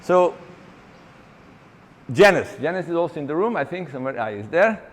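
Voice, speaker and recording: A high-pitched man gives a seminar talk in a hall with a long echo. He tells stories with animation, stops and restarts his sentences, and acts out what his clients say. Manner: animated storyteller who acts out client dialogue; halting, with many restarts and fillers. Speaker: seminar speaker, exercise coach. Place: seminar venue with long reverb. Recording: reverberant hall recording.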